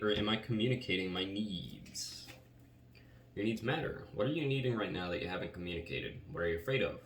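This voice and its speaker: A man offers a casual tarot reading, chatting and rambling along and saying "like" a lot. His voice is fairly low with a rather bright tone, captured by a distant mic in a roomy space with faint background noise.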